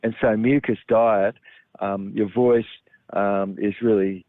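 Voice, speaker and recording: A man's voice: lowish voice, fairly even intonation, takes it slowly, no echo. A man giving a rambling health talk, full of ums and restarts. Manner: meandering, with many ums and restarts. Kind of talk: rambling monologue. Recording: tinny phone-like line, dry.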